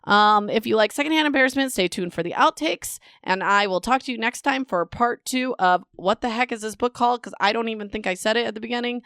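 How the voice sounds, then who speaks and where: A woman's voice: a little high, a little fast, hardly any pauses, a bit bright, no room sound, clean studio sound. Bubbly, self-mocking woman podcast host. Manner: bubbly and self-mocking, stumbles over words while reading. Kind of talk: casual book podcast chat.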